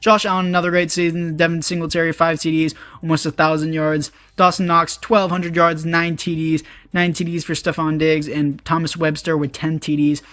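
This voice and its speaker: A man's voice: a little high, flat delivery, moderate pace, few pauses, fairly bright tone, dry recording. A young man giving casual, chatty commentary over a video game as a YouTuber, talking to his viewers. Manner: chatty, upbeat, addresses viewers as boys. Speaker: gaming YouTuber.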